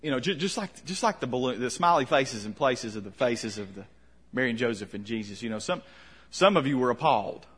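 A man preaching a conversational sermon, asking questions and letting his voice drop soft at the ends of lines. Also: medium pitch, animated, fairly quick, slightly rough. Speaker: pastor.

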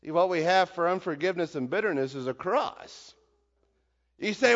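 A man with a high-pitched voice preaches a sermon with great emphasis, dropping to near whispers and then rising to shouts. His voice carries a long hall reverb, and the recording sounds dull and lo-fi. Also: sing-song, normal speed. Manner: emphatic, swings from hushed to shouting.

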